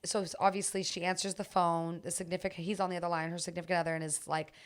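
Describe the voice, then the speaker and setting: A woman's voice: lowish voice, flat delivery, very fast. A young woman podcast co-host telling a story in a chatty, filler-heavy way. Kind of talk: casual storytelling.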